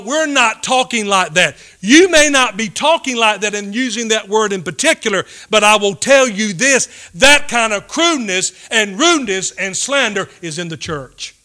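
A pastor preaches in a high, bright voice with plenty of force. He alternates between booming emphasis and soft, hushed asides.

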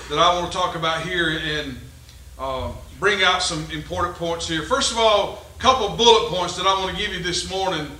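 High, bright-voiced preacher in an echoey hall. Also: male voice. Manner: preacherly, swings between loud emphasis and quiet low asides. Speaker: pastor. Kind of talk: sermon.

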